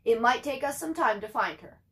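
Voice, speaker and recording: A woman reading a calm, steady village father. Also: fairly high pitch, normal speed. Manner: firm, hushing.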